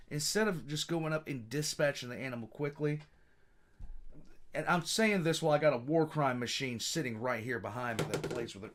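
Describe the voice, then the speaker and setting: A man's voice: fairly high pitch, normal speed, a little hiss or hum. A man hosting a reaction video in casual commentary, rambling and repeating words as he searches for them, earnest and frustrated.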